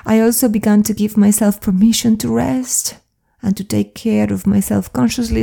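A woman speaks with a strongly creaky, fry-laden voice that sits warm and mellow. She talks as a coach in a soft, earnest, confiding personal monologue, as if opening up to a close listener. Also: mid-range voice, little pitch movement, moderate pace, hardly any pauses. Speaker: flow coach.

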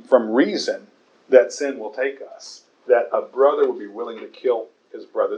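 A man preaching a sermon, explaining a Bible passage in an earnest, emphatic way with pauses and the odd chuckle. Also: medium pitch, darkish tone. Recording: dull lo-fi recording.

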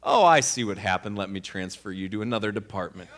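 A man voicing a calm, formulaic customer service representative, a bit lower than his own voice. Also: fast talker. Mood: scripted polite. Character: polite, scripted customer service rep.

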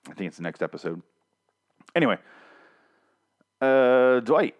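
A man's voice: mid-range voice, sing-song, unhurried, muffled recording. A man casually recapping a comic series, rambling and swearing, with lots of restarts and fillers. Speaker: comic reviewer.

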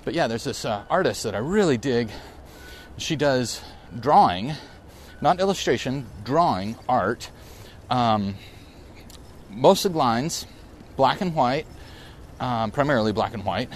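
A man's voice: medium pitch, animated, a little slow, pauses often, slight background noise. A man in his late forties hosting a casual solo podcast outdoors while riding through a park, talking in a rambling, reflective way that keeps correcting itself. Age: 40s. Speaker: podcast host.

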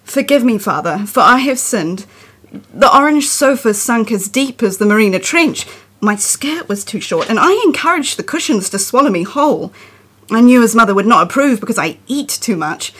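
A woman recites her poetry in a measured, expressive way. Her voice is breathy and sits fairly high. She lingers on the images as she reads. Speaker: poet. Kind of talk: poetry reading.

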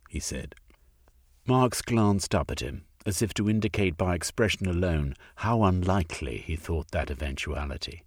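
A man reading a story aloud in a measured narrating voice. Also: deep voice, animated, darkish tone, slightly rough, dry recording, clean studio sound.

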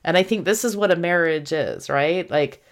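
A woman's voice: fairly low pitch, normal speed. A woman co-hosting a casual gospel discussion, retelling scripture stories with animation and laughing easily. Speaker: podcast co-host.

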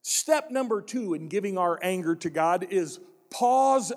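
A man's voice: high-pitched, animated, a little slow. A male pastor preaching a sermon in a church, speaking emphatically, repeating key phrases and putting rhetorical questions to the congregation. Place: church sanctuary. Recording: long church hall reverb.

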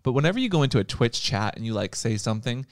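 A man's voice: medium pitch, big pitch swings, fast talker, no room sound, clean studio sound. A man hosting a podcast in casual chat, playful and teasing, rambling with restarts. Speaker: podcast host.

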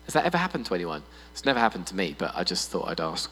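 A man preaches a sermon with a lively, swinging delivery, slipping in comic voices to make his point. His voice rings through a hall with a long reverb, and a faint mains hum sits underneath. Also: low voice, very fast. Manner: animated, playful, mimics voices for humor. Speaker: pastor. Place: church hall.

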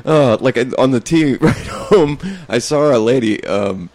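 A man's voice: medium pitch, animated, unhurried, a little mellow. A man chatting casually, swearing freely as he tells a story. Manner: laughs through his stories, swears freely. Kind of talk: casual chat.

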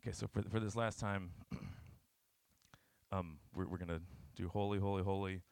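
A young man preaching in a casual, earnest way, with his voice sitting on the low side. He jumps from quiet, hushed lines to sudden loud bursts. The sound is dry and close, with no room echo. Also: fairly even intonation, a little slow, vocal fry. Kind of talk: informal sermon retelling scripture.

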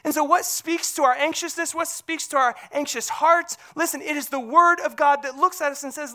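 A pastor preaching a sermon, swinging between loud emphatic passages and hushed low ones, often repeating words as phrases restart. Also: moderate pace, few pauses.

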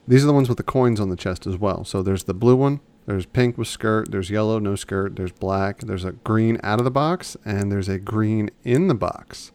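A man's voice: on the low side, darkish tone, clear, resonant tone. A man co-hosting a podcast in casual chat, rambling and often restarting his sentences. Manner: chatty, rambling, self-correcting. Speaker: podcast co-host.

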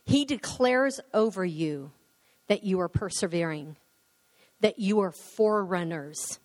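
A woman's voice: mid-range voice, lively intonation, a little slow, darkish tone. A woman pastor preaching a sermon and leading prayer, emphatic and conversational. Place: church sanctuary. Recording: long hall reverb.

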